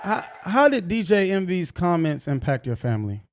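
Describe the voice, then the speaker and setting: A man hosting a podcast interview, asking questions and throwing in quick, affirming interjections. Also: sits high, sing-song. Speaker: podcast host. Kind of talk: casual interview.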